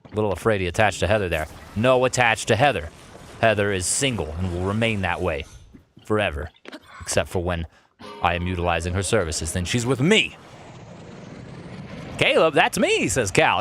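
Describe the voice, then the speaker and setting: A man's voice: fairly low pitch, slight background noise. Young guy doing live game commentary, goofy and chatty, voice bouncing all over the place. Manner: playful, animated, jokes with chat. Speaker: let's play streamer. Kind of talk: live-streamed gameplay commentary.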